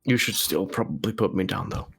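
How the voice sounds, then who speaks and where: A man playing a tabletop game, talking casually and making quick in-game calls. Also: sits low, husky. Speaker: player.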